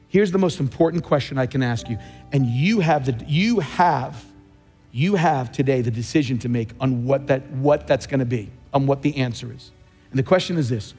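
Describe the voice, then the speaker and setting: A middle-aged man preaching a sermon as pastor, emphatic, leaning hard on key words and slowing down to stress them. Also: medium pitch, animated, a little mellow. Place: large church sanctuary. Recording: long hall reverb, faint music.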